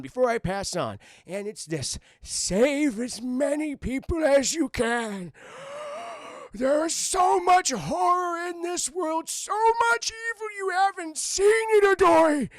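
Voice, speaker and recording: A man's voice: very high voice, fairly bright tone, dry recording, clean studio sound, voice pushed up, heavily acted. A man doing a grumpy dying grandpa. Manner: gruff, profane, then grandly solemn.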